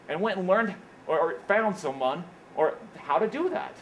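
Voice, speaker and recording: In an indoor meeting room at an engineering career event, a man with a voice on the high side tells stories in an animated motivational speech, a little slowly. "What happens is, is that" comes up again and again. The audio is poor, with a little hiss or hum.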